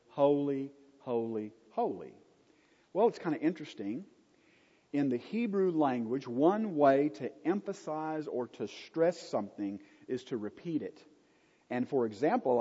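Mellow, husky man teaching in an echoey hall. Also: mid-range voice. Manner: unhurried, emphatic, with conversational asides. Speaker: Bible teacher. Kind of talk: Bible study lecture. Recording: dull lo-fi recording in a reverberant hall.

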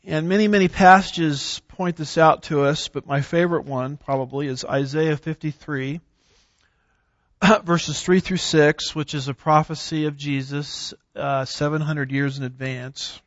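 A man teaching a theology class in a lecture style, reading scripture aloud slowly with emphasis and now and then clearing his throat. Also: on the high side, steady tone, dry recording, muffled recording. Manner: clears throat, occasional fillers.

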